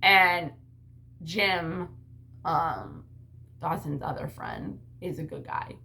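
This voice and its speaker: Bright-voiced woman ranting bluntly. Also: sits low, sing-song, very slow, gravelly, a little hiss or hum. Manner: rambling, blunt and profane, heavy use of "like" and "you know". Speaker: vlogger and mother. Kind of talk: casual vlog rant.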